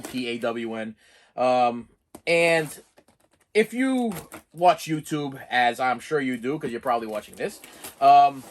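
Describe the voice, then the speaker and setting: Man, Boston accent, lively up-and-down delivery, rambling collector vlogger. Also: fairly high pitch. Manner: rambling, excitable, talks straight to viewers. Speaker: physical media collector unboxing. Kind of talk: casual unboxing vlog.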